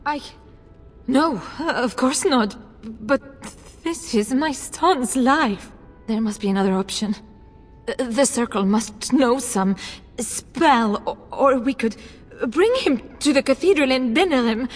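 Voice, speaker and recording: Brief: pleading noble mother, high-pitched and slow. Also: in a large hall, soft background music. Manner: pleading, tearful. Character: desperate noble mother pleading for her son.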